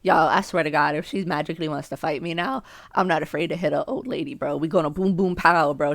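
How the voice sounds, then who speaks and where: A young woman streamer reading a dating game aloud, breaking in with brash, profane and loud reactions. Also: sits low, fast, gravelly, few pauses, no room sound, clean studio sound.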